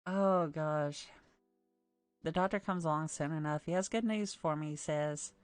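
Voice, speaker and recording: A woman's voice: sits low, unhurried, soft background music. A woman streamer reading a visual novel's text aloud and breaking off with amused comments about the dialogue. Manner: amused asides, laughs at the dialogue.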